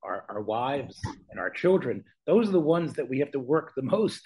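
A man joins the conversation eagerly, adding his own thoughts in a casual, friendly tone. His voice sits at an ordinary pitch for a man. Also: very animated, moderate pace, a little mellow, slight background noise. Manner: eager, chiming in. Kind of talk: casual chat.

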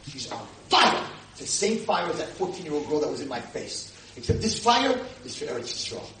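In a community hall, a rabbi delivers an animated storytelling lecture, his slightly high voice brisk and sing-song. He voices the people in his tales, bursting into sudden loud shouts, and the recording comes from a roomy, distant mic with noise.

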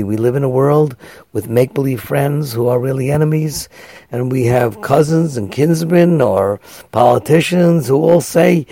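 A man's voice: on the high side, vocal fry, dark tone. A man, a rabbi, delivering an earnest sermon that weaves in a story and builds to raised, emphatic passages.

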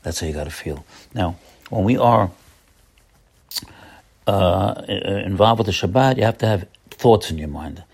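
A man's voice: low-pitched, lively intonation, normal speed, gravelly, pauses often, breathy edge. A man teaching an informal Torah class, talking in an emphatic, repetitive way with many restarts and Hebrew terms. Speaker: religious teacher.

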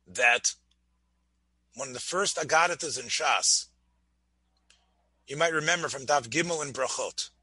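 A man's voice: on the high side, pushed and bright, breathy edge, no room sound. A man giving a Torah class, asking his listeners questions and often restarting his words. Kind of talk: Torah lecture.

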